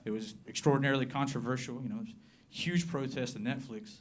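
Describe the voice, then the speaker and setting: A man's voice: mid-range voice, fairly even intonation, brisk. Southern accent guy doing a comedy club set, drags out the punchlines, bit of noise behind. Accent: Southern American. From southern Appalachia, USA. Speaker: stand-up comedian. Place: comedy club with live audience.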